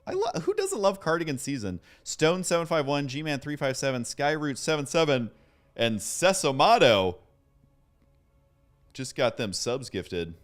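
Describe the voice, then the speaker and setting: A man streaming a game and chatting casually with viewers, excitable and self-deprecating as he thanks them by name. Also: on the high side, moderate pace, few pauses. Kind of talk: casual livestream chat.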